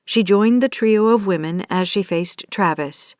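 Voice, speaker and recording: Woman narrator, audiobook reading, middle pitch, dry studio sound. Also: unhurried, a little mellow, no room sound. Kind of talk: scripted narration.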